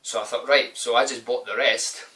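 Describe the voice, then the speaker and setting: A young Scottish man rambles through a story with plenty of swearing and a loose, chatty delivery. His voice is bright and forward. He sits back from the microphone, so the sound is a little distant. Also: mid-range voice, fairly even intonation, moderate pace. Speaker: vlogger. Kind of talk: casual storytelling to camera.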